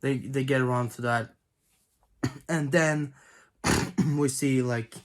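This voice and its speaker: A young man giving a casual spoken review, rambling and hesitant, often clearing his throat between thoughts. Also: medium pitch, steady tone, takes it slowly. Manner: rambling, hesitant, many fillers and restarts, frequent throat clearing. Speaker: video reviewer.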